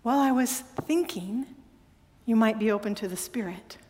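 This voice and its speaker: Woman pastor, high voice, animated sermon storytelling, long church reverb. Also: normal speed. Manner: animated storytelling, rising to emphatic exclamations. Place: church sanctuary.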